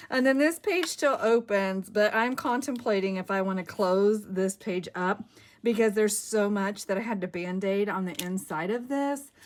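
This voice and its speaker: A middle-aged woman hosting a craft video, chatting casually and thinking aloud as she works. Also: mid-range voice. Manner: chatty, giggly, thinks aloud while working. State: a bit winded.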